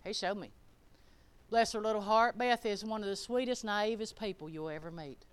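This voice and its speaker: A woman's voice: medium pitch, moderate pace, smooth. A woman preaching a sermon in a folksy, conversational, emphatic way.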